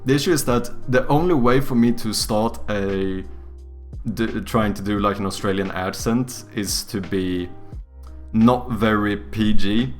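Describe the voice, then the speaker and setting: Male streamer, low-ish voice, unhurried, casual and profane, faint music behind. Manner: thinks aloud, swears casually. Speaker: streamer and game developer. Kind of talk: casual live-stream talk. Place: home streaming setup.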